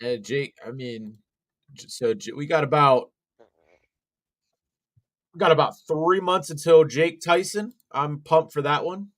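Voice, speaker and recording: A man's voice: fairly high pitch, unhurried, long pauses. A young man co-hosting a wrestling watch-along stream, rambling through live commentary with many fillers and restarts.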